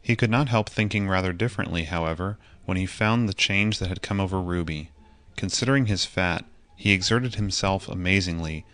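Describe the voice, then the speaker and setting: A man narrating a children's audiobook in a steady, measured reading. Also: low voice, no room sound. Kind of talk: scripted storybook narration.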